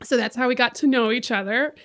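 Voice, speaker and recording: A young woman guest telling a story in casual chat, blunt and animated, full of "like". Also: on the high side, quick pace. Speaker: podcast guest.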